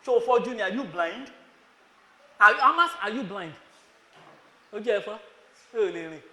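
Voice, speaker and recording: A man with a Nigerian accent, a high-sitting voice, lively intonation and a sharp tone preaches a sermon to students at normal speed. He scolds them with rhetorical questions and calls on listeners by name, in an echoey hall.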